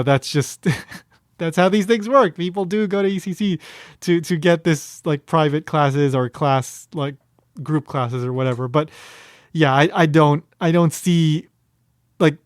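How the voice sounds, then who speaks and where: A man hosts a podcast in casual commentary. His voice sits a touch high, and the sound is dry and close with no room around it. He rambles through fillers and restarts with a wry, amused tone. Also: no room sound. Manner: wry, amused, breaks into chuckles. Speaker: podcast host.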